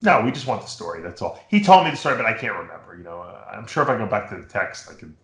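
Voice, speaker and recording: A middle-aged man from New York hosting a show, chatting casually and telling rambling, animated stories. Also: fairly low pitch, very fast, reverberant. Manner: rambling, animated storytelling with impressions. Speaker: podcast host. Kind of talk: casual chat.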